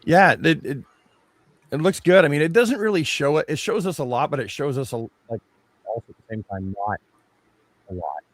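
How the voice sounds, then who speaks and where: A man's voice: fairly high pitch, lively intonation, moderate pace, no room sound. A man co-hosting a podcast, chatting casually and rambling through his take on a movie trailer. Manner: rambling, many restarts and fillers. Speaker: podcast co-host. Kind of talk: casual chat reviewing a trailer.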